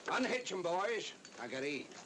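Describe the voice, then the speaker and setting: An actor playing a gruff, hungry old cowboy sidekick, blustering and impatient in a 1940s Western film. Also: male voice, high-pitched, big pitch swings, normal speed, very noisy. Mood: bossy. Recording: old film soundtrack with loud music.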